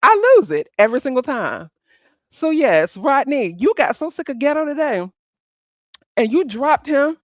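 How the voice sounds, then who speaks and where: A woman hosts a live stream, talking to her viewers in loose, blunt commentary. She uses a lot of profanity, laughs often, and her fairly high voice swings widely in pitch. The sound is dry and a bit dull, like lo-fi stream audio. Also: very animated, moderate pace, no echo. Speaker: livestream host. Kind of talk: casual commentary to a live audience.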